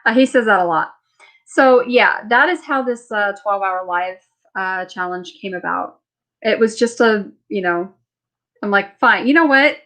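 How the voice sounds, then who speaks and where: A worn-out woman hosts a late-night live stream from her home, chatting loosely and answering viewer comments. She rambles, laughs easily and keeps her tone relaxed and teasing. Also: medium pitch, unhurried. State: tired. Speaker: livestream host. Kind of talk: casual live chat reading viewer comments.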